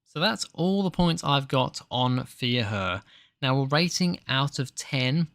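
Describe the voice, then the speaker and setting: A man's voice: medium pitch, fairly bright tone, no room sound, clean studio sound. Hesitant man rambling through a review. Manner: hesitant, filler-heavy, rambling. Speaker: TV episode reviewer. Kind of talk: casual spoken review.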